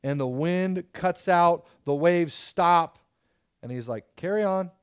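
Animated, slightly high-voiced male pastor. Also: slow, clean tone. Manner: animated storytelling with acted quotes. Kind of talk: sermon.

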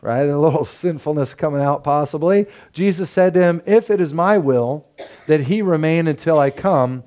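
A young man preaching a sermon as pastor, telling the story lively and acting out the quotes. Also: a little high, normal speed. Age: young adult. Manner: animated storytelling, acts out quotes with laughs.

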